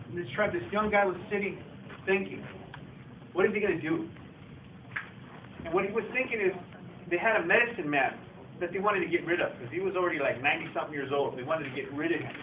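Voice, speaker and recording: A man tells an oral folktale in a casual, repetitive way and talks straight to his listeners, in a fairly high voice. He sounds far from the microphone, and the recording is tinny and echoey, with faint background noise. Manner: casual, repetitive "he goes" narration addressing listeners. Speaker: storyteller.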